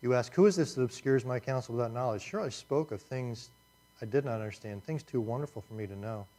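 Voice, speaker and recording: A man teaching a Bible passage as a pastor, telling a story and asking his listeners questions in a relaxed, conversational way with frequent restarts. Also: medium pitch, fast. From Indianapolis, US. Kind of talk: sermon with storytelling.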